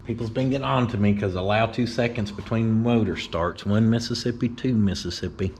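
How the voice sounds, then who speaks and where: A man's voice: fairly low pitch, brisk, background noise. A man chatting casually and joking as he works on an old truck in his shop. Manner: folksy, joking, talks to himself and his dog. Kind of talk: casual workshop vlog narration.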